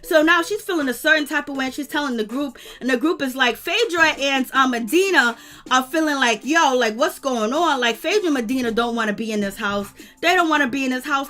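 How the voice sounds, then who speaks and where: A woman, chatting casually and animatedly while she recaps a reality show live. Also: sits high. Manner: animated, slangy, breaks into quick prayer. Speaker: reality TV reviewer.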